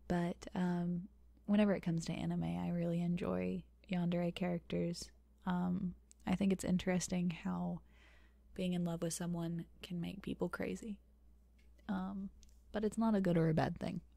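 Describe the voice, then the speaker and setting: A young woman from the American South with a softened Southern accent, hosting a soft-spoken ASMR question-and-answer, often dropping into a whisper and pausing with fillers. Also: fairly low pitch, creaky, no echo. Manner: soft, partly whispered, hesitant with many fillers. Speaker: ASMR channel host. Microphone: close microphone.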